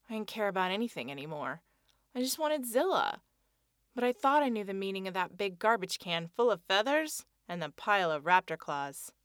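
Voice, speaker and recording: A woman's voice: on the low side, fairly bright tone, no room sound, clean studio sound. A woman narrating a first-person children's story in an earnest, childlike telling.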